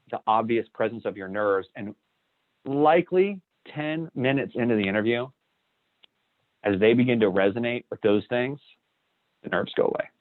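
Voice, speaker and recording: A man leading a training session in an energetic coaching way, acting out sample lines. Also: medium pitch. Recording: dry, tinny phone-like line.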